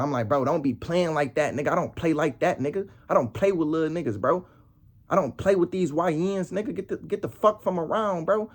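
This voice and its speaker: Young male vlogger, husky voice, heated slang-heavy rant. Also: a little high, a little fast. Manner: heated street slang, repeats "bro" and "nigga". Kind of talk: casual storytelling rant.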